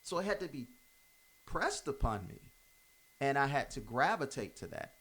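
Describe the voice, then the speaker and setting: A man's voice: medium pitch, very animated, moderate pace, fairly bright tone, breathy edge. A man giving an unscripted motivational monologue, emphatic and informal, often repeating himself and restarting phrases. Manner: informal, drops verbs. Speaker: commentator giving life advice.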